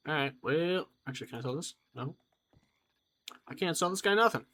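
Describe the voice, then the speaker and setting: A man's voice: on the high side, animated, fairly quick, sharp tone. A man giving let's-play commentary, chatty and wry, talking to himself as he explores. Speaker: gamer.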